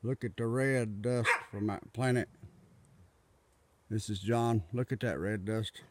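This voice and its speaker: A man's voice: fairly low pitch, fairly even intonation, a little slow, darkish tone, slight background noise. A man talking casually and earnestly to his viewers, rambling, repeating himself and urging them to get right with God. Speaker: religious video maker. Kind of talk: casual religious video talk. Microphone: tablet mic.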